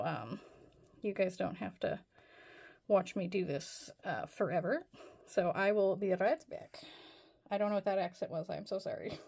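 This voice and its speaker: A woman's voice: medium pitch, vocal fry, a little mellow. A woman hosting a casual crochet tutorial, talking through each step in a rambling, self-deprecating way with plenty of fillers.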